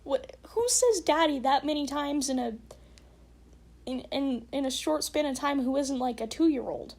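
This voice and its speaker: A high-pitched woman reads horror stories aloud for her podcast and keeps stopping to comment. She sounds blunt and sarcastic, nitpicking the grammar, then sighs and apologizes. It is casual and unpolished. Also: steady tone, normal speed, darkish tone. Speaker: podcast host reading online horror stories.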